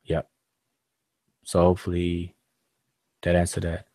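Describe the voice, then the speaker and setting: A man's voice: low voice, monotone, unhurried, warm tone, no room sound. A man hosting a live-stream discussion, patiently explaining points at length with loose fillers and restarts. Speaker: host.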